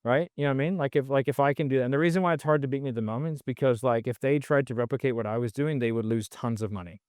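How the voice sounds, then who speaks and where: A sales trainer, guesting on a casual podcast, talks in a rambling, blunt, profane way, leaning hard on "like" and other fillers. His medium-pitched voice races along with a slightly mellow quality, recorded clean in a studio with no echo.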